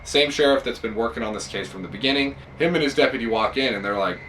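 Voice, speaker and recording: Man, podcast host, casual storytelling, animated, mid pitch, distant mic, faint hum. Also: quick pace. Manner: animated, relaxed, filler-heavy.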